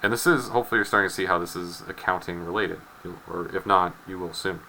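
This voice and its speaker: A man's voice: sits low, quick pace, sharp tone, a little hiss or hum, poor audio. A man teaching a chemistry lecture in a loose, joking way, rambling into asides and often repeating his words. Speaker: chemistry instructor. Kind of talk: casual recorded lecture.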